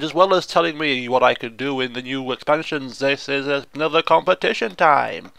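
A man giving chatty, excitable commentary on a video game, often laughing and exclaiming. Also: mid-range voice, moderate pace, vocal fry, dry recording. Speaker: gaming video host. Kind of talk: let's play commentary.

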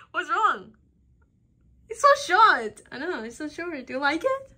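Excitable high-voiced young woman vlogging. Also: slow. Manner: excitable, rambling, frequent "so basically". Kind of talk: casual vlog chat.

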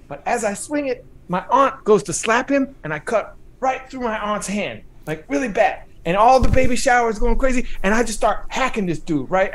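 A man's voice: high voice, voice pushed up. A man voicing a tough old-school male gangster from Los Angeles, speaking with a Chicano English accent in a swaggering, streetwise way.

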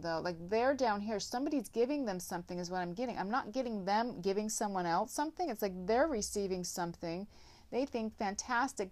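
A woman's voice: mid-range voice, darkish tone. A woman giving a casual tarot reading, rambling with lots of filler words and some blunt swearing. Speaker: tarot reader.

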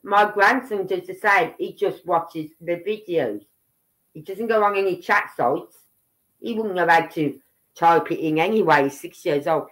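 Unhurried and lowish in voice, a middle-aged Birmingham woman with a Brummie accent hosts a casual livestream, rambling chattily and tacking "right?" and "you know what I mean" onto her points. The recording is rough.

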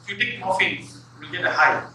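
Male motivational speaker, high bright voice, lively storytelling, recorded far off in a reverberant lecture hall. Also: a little fast, a little hiss or hum. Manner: animated, humorous storytelling, acts out little scenes. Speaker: professor giving a public talk. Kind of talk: motivational talk. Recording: echoey hall, far from the mic.

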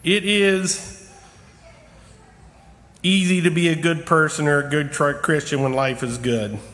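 High, bright-voiced man preaching in a church. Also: fairly even intonation. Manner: humorous, self-deprecating, with slow emphatic pauses. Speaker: lay preacher. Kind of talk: personal storytelling sermon. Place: church sanctuary. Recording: long reverb of a church hall.

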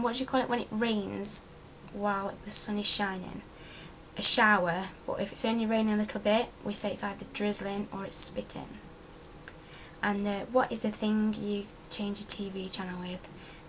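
A woman's voice: mid-range voice, vocal fry, rough recording. Young woman, Derbyshire accent, chatty vlogger, faint background noise. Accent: Derbyshire English. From England. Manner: chatty, down-to-earth, reading words aloud. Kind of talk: casual accent tag vlog.

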